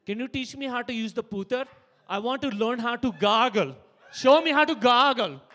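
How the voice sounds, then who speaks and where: A man's voice: very high voice, expressive, moderate pace, sharp tone, pitched above the performer's own voice, exaggerated voice. A man voicing his middle-aged mother, earnest and muddled as she mixes up computer words. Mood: eager. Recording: long reverb in a club.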